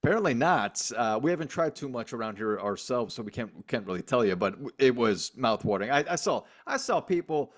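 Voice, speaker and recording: A man's voice: medium pitch, brisk, few pauses. A man co-hosting a sports podcast, chatting casually with lots of energy and frequent laughter. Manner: energetic, emphatic, laughs often. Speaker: podcast co-host. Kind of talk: casual chat.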